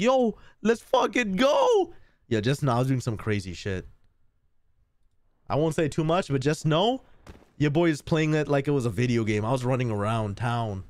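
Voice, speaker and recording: A man's voice: medium pitch, darkish tone, no echo. A man streaming a game, chatting casually with viewers in rambling, slangy, cursing talk.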